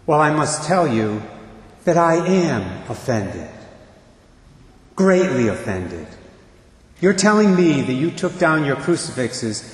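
A man voicing a calm, pointed young male college student in an earnest, reasoning manner. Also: fairly high pitch, slow, pauses often. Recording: echoey church with long reverb.

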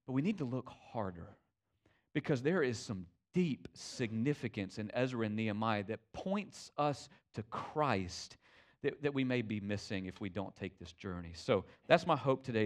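Folksy man preaching a sermon. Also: medium pitch. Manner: folksy and conversational, with frequent fillers and "right?" checks. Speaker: pastor. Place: church sanctuary.

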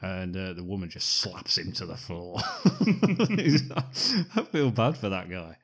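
A man co-hosting a casual film podcast, laughing often and acting out film lines in loud bursts. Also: deep voice, lively intonation, measured pace, slightly rough. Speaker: podcast co-host.

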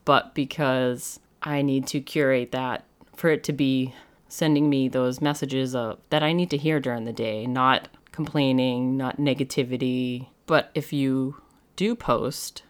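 Very deep-voiced woman chatting casually. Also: fairly even intonation, a little slow, clear, resonant tone. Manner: chatty and rambling, heavy use of "like". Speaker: podcast host and medium. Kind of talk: casual solo podcast monologue.

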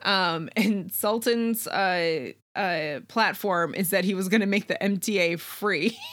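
A woman's voice: mid-range voice, slow, a bit bright. A woman co-hosting a podcast in casual chat, laughing often and talking with lots of fillers. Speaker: podcast co-host.

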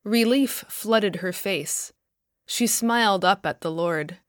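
A woman author narrates her own story in a slow, measured voice. Her delivery is careful and even, with a close, dry sound and no room around it. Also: mid-range voice, dry recording. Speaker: author and podcast host. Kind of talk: scripted narration.

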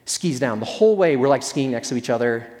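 A man's voice: medium pitch, animated, quick pace, darkish tone, long reverb tail. A male pastor giving a sermon in a conversational, storytelling way with self-deprecating humor.

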